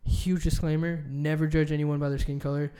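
Podcast co-host, young man, mellow low-bright voice, loose profane storyteller. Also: level tone, fairly quick. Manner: profane, rambling storytelling with lots of fillers. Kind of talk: casual chat.

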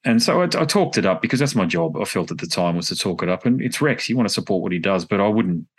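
An Australian man with a very low voice talks quickly in a loose, rambling way, often circling back to fix what he just said. He is hosting a podcast in casual conversation. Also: animated, breathy edge. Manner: rambling, self-correcting storyteller. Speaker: podcast host. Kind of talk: casual chat.

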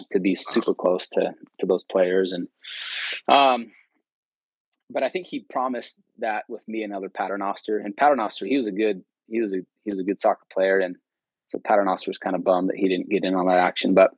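Podcast guest, man, low-pitched, chatty and rambling, dry close sound. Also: dry recording, poor audio. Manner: rambling, many ums and restarts. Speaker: podcast guest, returned missionary. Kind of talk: casual storytelling interview.

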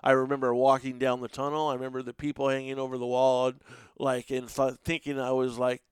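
A middle-aged man casually telling animated, profane stories in a podcast chat, sometimes shouting. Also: mid-range voice, fairly quick, smooth, no echo. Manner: animated, swears freely, shouts when acting out others.

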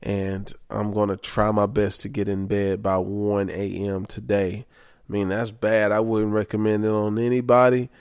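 Sleep-deprived young man, low-pitched, candid casual monologue, dry close sound. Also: level tone, moderate pace, darkish tone, smooth, dry recording. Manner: candid, emphatic, says okay often. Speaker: vlogger.

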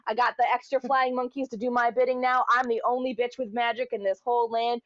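A woman's voice: a little high, flat delivery, fast, fairly bright tone, no room sound, highs cut off, pitched above the performer's own voice, lightly acted. A woman doing a smug, singsong good witch. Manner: gloating, singsong.

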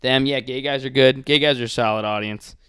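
A young man in casual podcast chat, telling stories in a profane, animated way. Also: mid-range voice, fairly quick, smooth.

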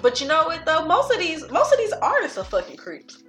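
A woman's voice: extremely high pitch, huge pitch swings, brisk, fairly bright tone, faint music behind. A young woman hosting a casual, profane chat, blunt and opinionated as she leads the topics. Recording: echoey room.

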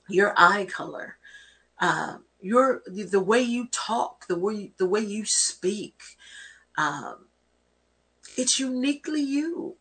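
A woman's voice: medium pitch, fairly bright tone, breathy edge. A woman hosting a show, giving an encouraging, preachy talk that quotes scripture. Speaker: host. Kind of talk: inspirational talk.

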